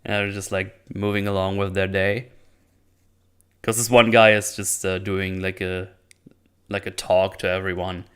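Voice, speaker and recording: A man's voice: deep voice, level tone, a little slow, long pauses, a bit bright, clean tone. A man hosting a movie review channel, recapping a film in a casual, rambling way with lots of swearing and restarts. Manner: rambling, profane, with frequent restarts.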